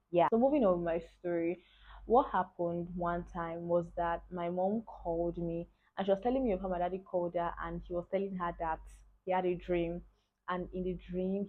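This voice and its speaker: A Nigerian woman in her twenties with a Nigerian accent telling a personal story in a casual, animated way, often checking in with the viewer. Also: fairly low pitch. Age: 20s. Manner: animated, talks straight to the viewer with repeated asides. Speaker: vlogger. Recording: tinny lo-fi phone-like audio.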